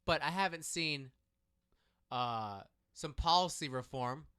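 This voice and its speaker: A man co-hosting a casual political chat podcast, talking in an animated way and restarting his sentences often. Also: on the high side, takes it slowly, clean tone. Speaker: podcast co-host.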